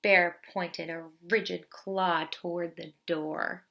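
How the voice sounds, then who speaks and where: Bright slow-reading young woman teacher. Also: fairly low pitch, gravelly. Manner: slow, expressive, asks children questions. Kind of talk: children's story read-aloud.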